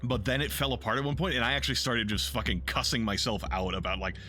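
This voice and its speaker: Medium-pitched and sharp, this gamer talks fast with faint music in the background. He chats loosely while streaming, swearing, wandering off topic, replying to chat messages and poking fun at himself.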